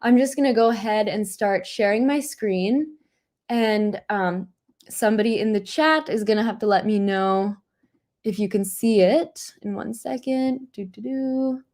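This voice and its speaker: A woman's voice: mid-range voice, unhurried, a little mellow. A young woman from the United States giving a chatty, encouraging webinar talk over a video call. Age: young adult. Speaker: workshop speaker.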